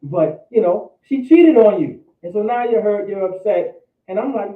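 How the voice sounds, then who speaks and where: A man with a somewhat high voice preaches a Bible lesson in loose slang, stumbling and repeating words. He sounds far from the mic in a roomy, echoing space. The audio is thin and phone-like. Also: expressive, normal speed. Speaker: Bible class teacher. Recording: echoey room, distant phone-like mic.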